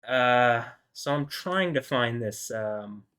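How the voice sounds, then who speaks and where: A man's voice: mid-range voice, expressive, slow pace, a bit bright, clean tone. A man rambling in an indignant solo commentary, full of filler words and restarts. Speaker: video host.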